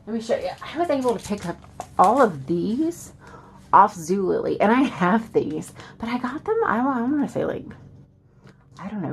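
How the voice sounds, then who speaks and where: A planner vlogger with a Southern US accent and a mid-range voice chats casually while walking through her planner setup. She rambles, full of fillers and asides, and there's slight background noise.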